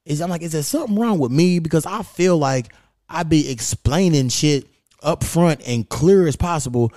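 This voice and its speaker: A man hosting a podcast, telling stories in a profane, animated way with quoted back-and-forth. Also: on the high side, normal speed, no room sound, clean studio sound. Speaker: podcast host. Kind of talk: casual chat, storytelling.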